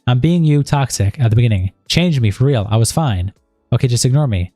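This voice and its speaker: A man's voice: medium pitch, animated, brisk, warm tone, dry recording, clean studio sound, soft background music. A man on a stream, reading a chat log aloud and breaking in with asides of disbelief.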